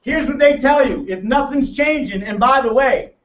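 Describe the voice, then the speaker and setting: A man's voice: very high voice, moderate pace. A man giving a brash, joking financial seminar to a room, teasing the audience as he talks. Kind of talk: lively seminar talk to a room. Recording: roomy, distant, muffled room recording.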